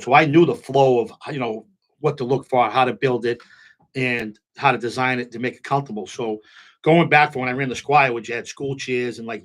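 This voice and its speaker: Animated storyteller man. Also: mid-range voice. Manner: animated storyteller, acts out quotes, repeats "you know what I'm saying". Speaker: nightclub owner guest. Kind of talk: casual storytelling interview.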